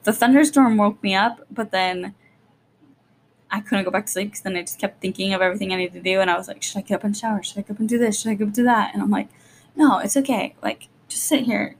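Jittery young mom vlogging, gravelly edge. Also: female voice, medium pitch, a little hiss or hum. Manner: rapid rambling, lots of "like", nervous. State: jittery and short on sleep. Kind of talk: casual vlog chat.

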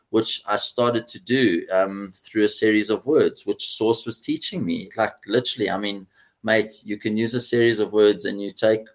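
A man, a guest in an interview, telling a personal story in an animated, casual way and swearing freely. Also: fairly low pitch. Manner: animated, swears, says "mate" often.

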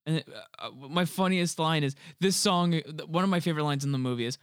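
Animated young man, fairly high voice. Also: clear, resonant tone, no echo, clean studio sound. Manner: animated, swears freely, quick jokey asides. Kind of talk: casual chat about a movie.

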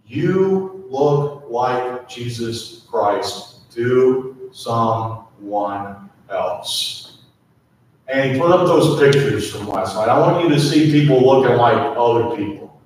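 A man preaching a sermon in a church, earnestly asking the congregation to repeat lines to their neighbors. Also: on the high side. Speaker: pastor. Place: church sanctuary. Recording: echoey sanctuary from far off.

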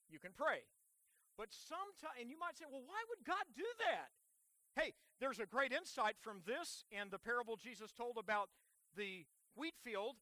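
High, bright-voiced preaching man. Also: dry recording. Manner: dynamic preaching, swinging from loud emphasis to soft hushed prayer; leads congregation in responsive reading. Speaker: pastor. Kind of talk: sermon.

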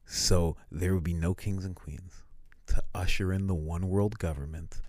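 A young man in casual podcast chat, animated and slangy, laughing often. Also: low voice, measured pace, no echo, studio quality.

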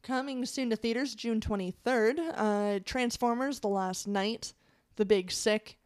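A woman's voice: a little high, measured pace, a little mellow, clean tone. A woman co-hosting a casual chat, reading out release lists in a breezy, joking way. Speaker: podcast co-host.

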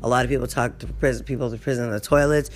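A woman's voice: rumbling low, steady tone, quick pace, soft background music. A woman vlogger venting in a casual story, swearing constantly, rambling off topic and breaking into laughter often.

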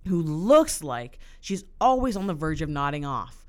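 A woman co-hosts a podcast with a notably low voice. She talks in an animated, profane, casual way and laughs often. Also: moderate pace. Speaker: podcast co-host. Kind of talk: casual chat.

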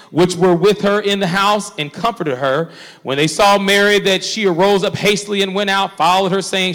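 Bright-voiced pastor in a reverberant hall. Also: male voice, high voice. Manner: call-and-response preaching, coaxing the class along. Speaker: pastor leading Bible study. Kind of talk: Bible study teaching with scripture reading. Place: church hall.

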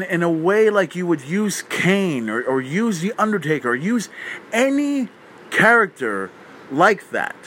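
A man's voice: sits high, a bit bright, a little hiss or hum. A man hosting a podcast, giving a heated, opinionated rant with incredulous questions and stumbling restarts. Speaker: podcast host.

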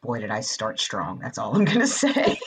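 Very deep-voiced woman, lively pitch. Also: moderate pace, recorded from a distance, a little hiss or hum. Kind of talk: casual chat.

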